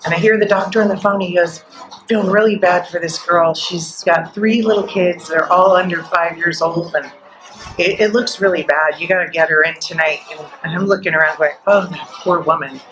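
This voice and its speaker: A middle-aged woman guest at a live podcast event, telling her story in an animated way and acting out the voices she quotes. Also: fairly low pitch, a little fast, low-quality recording.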